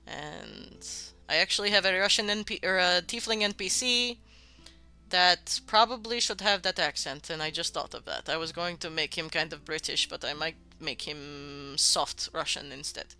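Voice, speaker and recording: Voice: medium pitch, normal speed, pushed and bright, clean tone. A streamer chatting casually while building a game world, rambling, laughing often and swearing freely. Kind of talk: casual live-stream chat.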